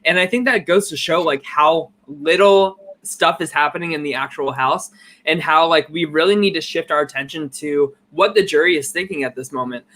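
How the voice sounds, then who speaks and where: Steady co-host steering a podcast chat. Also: mid-range voice, moderate pace. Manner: steady, steering the talk back on track. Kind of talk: casual chat.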